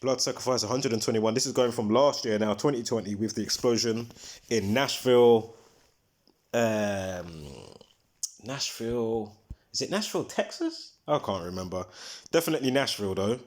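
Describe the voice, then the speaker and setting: A man's voice: lowish voice, normal speed. A man hosting a casual livestream, talking in a rambling, emphatic way and breaking off mid-thought to recall details. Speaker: livestream host.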